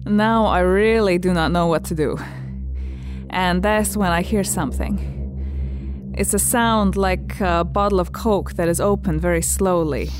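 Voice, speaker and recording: An actress playing a blunt, matter-of-fact young Estonian immigrant woman in a radio drama, speaking halting, broken English with an Estonian accent and searching fillers. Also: lowish voice, lightly acted.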